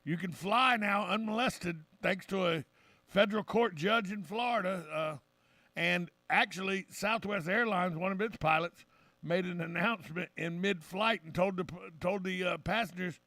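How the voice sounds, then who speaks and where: A man hosting a morning talk radio show, chatting in a brisk, folksy, opinionated way. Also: high voice, pushed and bright, no echo. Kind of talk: casual radio chat. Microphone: studio microphone.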